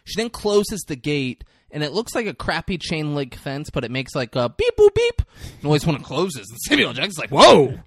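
A man's voice: fairly high pitch, expressive, brisk, hardly any pauses, a bit bright, dry recording, studio quality. A man co-hosting a casual podcast, animatedly retelling a movie scene by scene and swearing freely. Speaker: podcast co-host. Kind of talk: casual movie recap chat.

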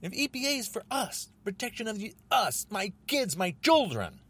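An angry man hosting his own podcast, ranting about politics in an agitated, repetitive way, often rising almost to a shout. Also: high voice, sing-song, normal speed, slightly rough. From United States. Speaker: podcast host.

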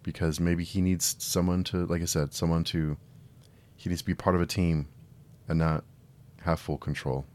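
Male podcast host, very low voice, casual exasperated film talk. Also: little pitch movement, moderate pace, a little mellow. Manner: conversational, frequent restarts, exasperated. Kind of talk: solo film review podcast.

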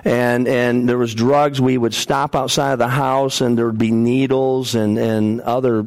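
A man's voice: medium pitch, little pitch movement, measured pace, a little mellow. A man preaching a sermon, telling personal stories earnestly and often repeating and restarting his words.

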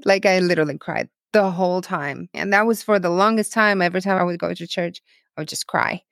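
A woman's voice: fairly low pitch, brisk, creaky, a bit bright, no room sound, studio quality. A woman from Ukraine, a guest in an interview, telling her faith story in an earnest, emotional way with many repetitions. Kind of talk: personal testimony in a podcast interview.

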